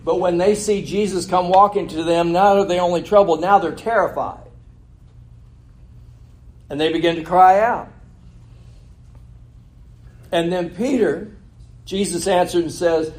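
Preaching in a high, darkish voice, this man moves at a measured pace with frequent pauses. He reads scripture, paraphrases it, and asks rhetorical questions, chuckling when he stumbles and then fixing the mistake.

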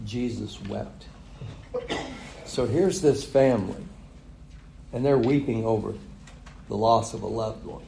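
Slow-talking guy preaching, warm dark voice, roomy echo, chuckles as he tells it. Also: fairly low pitch, creaky, a little hiss or hum. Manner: storytelling with chuckles and rhetorical questions. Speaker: pastor. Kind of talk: sermon.

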